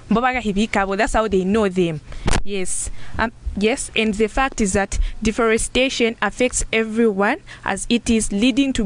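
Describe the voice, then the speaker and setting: A young woman with a slightly high voice explains facts on a youth radio panel. She moves between English and a local language and often breaks off and restarts her words. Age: young adult. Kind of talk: explaining on a radio talk show.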